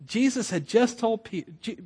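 A man preaching a sermon as a pastor, telling the story with lively humor and frequent stammering restarts. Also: extremely high pitch, moderate pace, husky. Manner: animated, acts out quotes with humor, stammering restarts.

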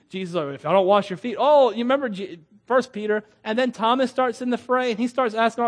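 Guy preaching a sermon, kinda high voice, chatty and animated, jokes around with the congregation. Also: quick pace. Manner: animated, conversational preaching with laughs and asides.

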